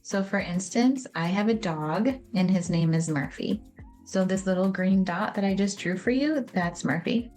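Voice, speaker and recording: An educator explains memory and trauma in an explanatory video, talking casually and acting out little scenes along the way. Her voice is mid-pitched and somewhat dark, at a normal pace, with faint music in the background.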